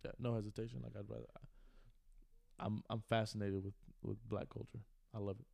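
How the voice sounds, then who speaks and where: A young man in his twenties chats on a podcast, his low voice gravelly with fry and a dark, mellow tone. He rambles through a story in a relaxed way, loaded with slang and fillers. The sound is dry and close. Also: a little fast, dry recording. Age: 20s. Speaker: podcast co-host. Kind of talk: casual chat.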